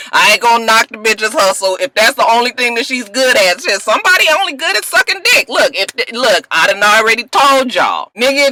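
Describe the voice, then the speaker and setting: Cussing lady vlogger recapping tv, lively voice, bright and sharp. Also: fairly high pitch, low-quality recording. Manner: profane, animated storytelling. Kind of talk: casual show recap.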